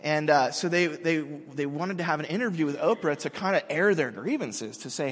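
A high, husky male voice preaches to a congregation in his thirties' easy, self-mocking, chatty manner. His pitch swings widely as he talks. A long hall reverb trails every phrase. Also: lively intonation, normal speed, hardly any pauses. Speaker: pastor. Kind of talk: sermon.

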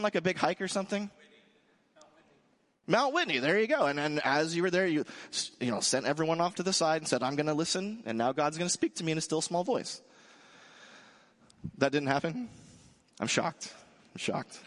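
Conversational pastor preaching in a hall. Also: male voice, on the high side, fairly bright tone. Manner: conversational, jokes with the congregation. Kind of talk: sermon.

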